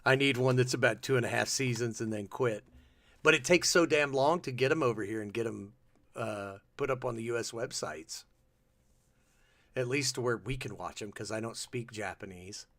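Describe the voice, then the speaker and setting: A man hosting a podcast in casual chat, reacting excitably to clips and laughing often. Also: mid-range voice, normal speed, no room sound. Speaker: podcast host.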